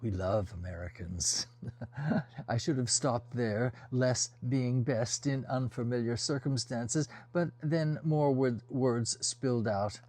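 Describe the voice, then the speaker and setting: A man narrates a first-person novel as an audiobook, steady and descriptive. His voice sits at an ordinary middle pitch, and he lets each scene unfold at a measured pace. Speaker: audiobook reader.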